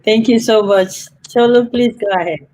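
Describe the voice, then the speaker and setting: A woman's voice: on the high side, moderate pace, dark tone, low-quality recording. Upbeat woman hosting a video call panel. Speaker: host. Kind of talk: live online panel hosting.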